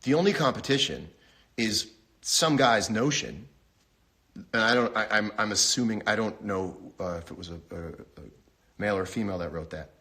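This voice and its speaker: A man hosting a casual livestream from his home, rambling through wry, deadpan jokes and talking to his viewers. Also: moderate pace. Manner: rambling, wry, deadpan humor with sudden pitch jumps. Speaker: host. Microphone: phone livestream.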